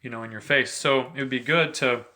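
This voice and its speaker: A man giving a relaxed, chatty saxophone lesson, talking between played examples and filling his talk with "you know". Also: mid-range voice, a little fast, slight background noise. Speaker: saxophone teacher. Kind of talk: casual instructional talk between playing examples.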